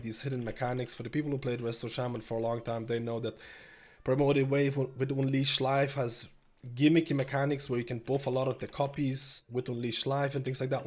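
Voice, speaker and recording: A young man with a slightly stuffy nose, giving casual gameplay commentary that jumps from steady explaining to excited bursts. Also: medium pitch. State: slightly stuffy, a little sick. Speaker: gameplay streamer.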